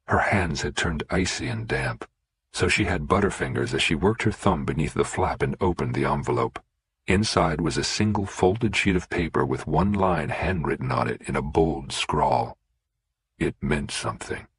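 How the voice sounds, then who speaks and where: A man narrating a suspense audiobook in a steady, unhurried reading. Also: a bass voice, husky, dry recording. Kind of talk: scripted narration.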